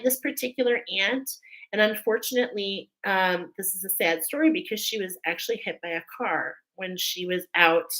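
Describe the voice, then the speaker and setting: A woman's voice: mid-range voice, bright, forceful tone, low-quality recording. A middle-aged woman giving a spiritual oracle reading in a chatty, emotional way, often checking in with "okay?". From Irish Catholic family. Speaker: oracle card reader. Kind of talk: spiritual card reading, live.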